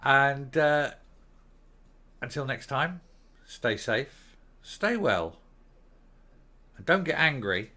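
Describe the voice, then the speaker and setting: A man's voice: mid-range voice, sing-song, drawn-out words, pauses often, pushed and bright. An older man, the host of his own channel, ranting angrily to camera with swearing and emphatic outbursts. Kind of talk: opinion rant to camera.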